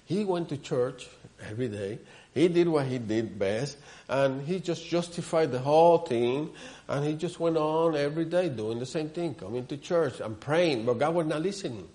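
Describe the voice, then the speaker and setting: Male preacher, mid-pitched, earnest, repeats phrases, checks in with listeners often. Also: darkish tone. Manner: earnest storytelling with many repeats and asides to the listeners. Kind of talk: sermon.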